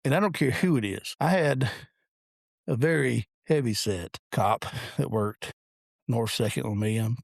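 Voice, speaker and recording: A man in his forties with a gravelly, creaky voice at a middle pitch tells blunt, profane stories from police work. He speaks in easygoing podcast chat. The sound is close and dry. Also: measured pace, no echo. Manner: blunt, profane, animated anecdote telling. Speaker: police officer and podcast co-host. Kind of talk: casual storytelling chat.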